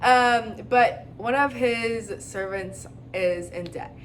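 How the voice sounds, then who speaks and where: A woman's voice: fairly high pitch, takes it slowly. A young woman co-hosting a podcast, chatting casually about faith, rambling with lots of fillers and giggles. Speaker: podcast co-host. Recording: faint background noise.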